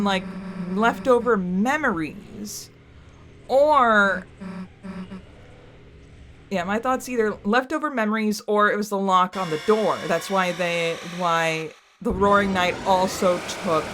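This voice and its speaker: Against a noisy background, a young woman with a mid-range voice narrates her own video game playthrough for her channel. She's fed up with her mistakes, breaking into self-scolding outbursts between long, wandering theories in let's play style.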